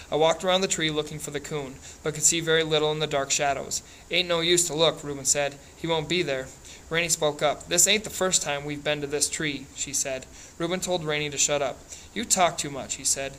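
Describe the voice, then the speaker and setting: A man reading a novel aloud in a plain, steady way, with small slips and restarts. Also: a little high, a little fast, a little hiss or hum, low-quality recording. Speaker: reader.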